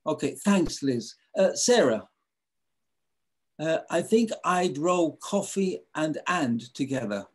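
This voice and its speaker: Fairly high-pitched and husky, the man's voice has a sing-song lilt and a slow pace. He runs a live online webinar via video call with enthusiasm, peppering it with fillers and restarts.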